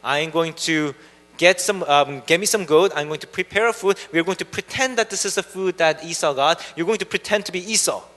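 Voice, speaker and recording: A scheming mother rattles off orders in brisk, bossy bursts, played offhandedly by a man preaching. The voice is bright and high, and the hall sends back a long echo. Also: lightly acted. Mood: commanding.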